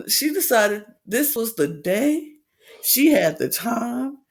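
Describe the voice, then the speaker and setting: A man with a high voice retells reality-TV drama as a podcast co-host. He acts out what people said and swings his pitch up and down a lot. It sounds like casual chat. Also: very animated, slow pace, gravelly.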